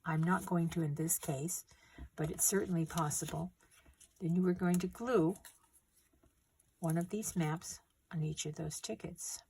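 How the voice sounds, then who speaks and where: A middle-aged woman calmly walking viewers through a paper craft step by step while she works. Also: on the low side, slightly rough. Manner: gentle, unhurried instructions while working with hands. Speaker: craft tutorial host.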